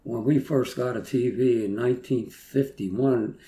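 A man's voice: mid-range voice, steady tone, a little slow, warm tone. Chuckling 82-year-old New man. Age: 80s. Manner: chuckling, rambling storyteller. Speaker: guest. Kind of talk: casual reminiscing chat. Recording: roomy echo, faint noise.

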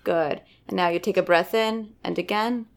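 Speaking at a moderate pace with a fairly low pitch and vocal fry, a female voice and dialect coach has an eager, casual chat. She stays animated, frequently asking her listeners "right?".

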